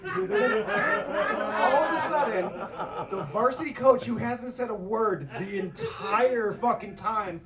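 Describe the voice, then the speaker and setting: A man telling a stand-up story on a comedy club stage, profane and animated, often breaking into laughter. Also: very high-pitched, takes it slowly, recorded from a distance, a loud crowd. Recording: echoey club miked from afar. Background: audience laughter.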